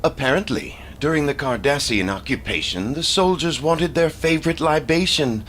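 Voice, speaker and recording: An actor playing a measured, wary male alien delegate in a video game, speaking with formal, deliberate diplomatic phrasing. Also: fairly high pitch, expressive, fairly bright tone, a little hiss or hum.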